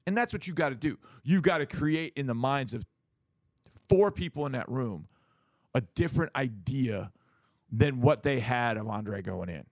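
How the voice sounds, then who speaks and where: A middle-aged man co-hosting a sports talk show, making his case in a lively, casual way, often acting out what others would say. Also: medium pitch, normal speed, no echo. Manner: animated, acts out quoted voices, repeats words.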